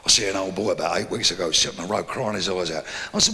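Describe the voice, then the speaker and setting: An older man with a London accent doing a brash, swearing stand-up routine, telling jokes in an animated way. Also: low voice, rapid-fire, hardly any pauses. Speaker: stand-up comedian. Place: live venue with audience. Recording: live hall recording with audience.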